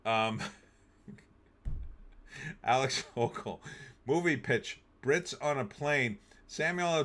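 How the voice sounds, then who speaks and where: A man's voice: mid-range voice, fairly bright tone. A man hosting a live stream, reading news aloud and cracking wry, jokey asides with frequent laughs.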